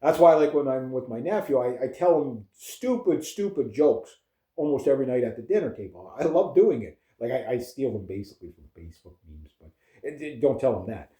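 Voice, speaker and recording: A young man telling stories and musing in a rambling, animated casual monologue as a vlogger. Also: medium pitch, brisk, reverberant. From Canada. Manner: rambling, animated storytelling with laughs.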